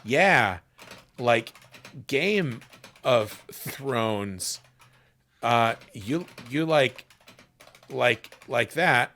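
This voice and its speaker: A man hosting a casual livestream chat into a desk microphone, rambling and halting with lots of fillers and restarts. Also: medium pitch, animated, sharp tone. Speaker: livestream host.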